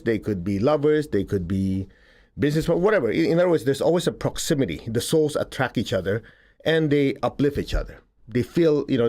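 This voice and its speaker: A man's voice: medium pitch, dark tone. A man giving a casual spiritual talk to an audience, conversational, laughing often and acting out quotes. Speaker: spiritual teacher.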